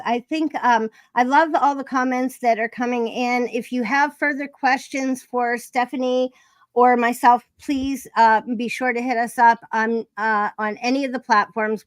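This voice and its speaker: A woman's voice: fairly high pitch, no room sound. A woman hosting a live-streamed interview, chatty and effusive, with many fillers and restarts. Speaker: podcast host.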